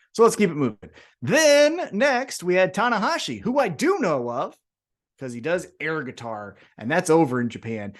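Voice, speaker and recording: A man co-hosting a wrestling podcast, telling a story in a loose, profane style. His pitch swings up and down a lot, and he slips into the voices of the people he describes. It is a relaxed livestream chat. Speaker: podcast co-host.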